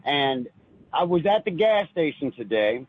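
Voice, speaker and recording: A man calling in to a radio show and telling a personal story in an earnest, halting way, with many restarts. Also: fairly high pitch, big pitch swings, slightly rough, dry recording. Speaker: caller. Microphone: phone. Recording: tinny phone line.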